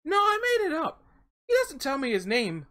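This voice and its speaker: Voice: sits high, huge pitch swings, normal speed, bright, forceful tone, pitched above the performer's own voice, heavily acted. A reader voicing a six-year-old boy, talking in an earnest, chatty, childish way.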